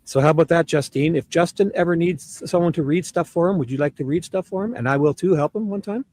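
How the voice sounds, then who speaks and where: A man's voice: on the high side, fast, darkish tone. A man co-hosting a livestream in friendly casual chat, who often repeats words and laughs. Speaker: livestream co-host.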